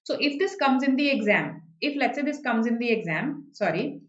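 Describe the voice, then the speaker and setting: A woman with an Indian English accent teaches an online exam-prep class, answering students one by one. Her voice sits a little high, and she keeps checking in with "okay" and "right." The sound is roomy and slightly muffled. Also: animated, normal speed.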